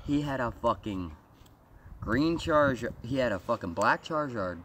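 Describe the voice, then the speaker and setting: A man's voice: mid-range voice, animated, moderate pace, a bit bright, a little hiss or hum. A man streaming a game and ranting crudely and animatedly in casual chat. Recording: game music playing behind.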